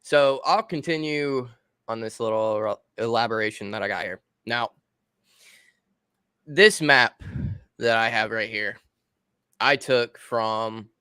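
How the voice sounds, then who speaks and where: Bright, crisp man walking through a screen share. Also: medium pitch, slow pace, long pauses, no echo, clean studio sound. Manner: explains step by step while sharing his screen. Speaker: guest co-host. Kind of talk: casual livestream walkthrough.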